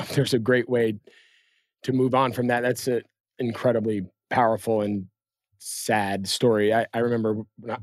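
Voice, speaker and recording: Brief: man, medium pitch, casual podcast host, dry close recording. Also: no echo. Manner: responsive, brief affirmations. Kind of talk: casual interview.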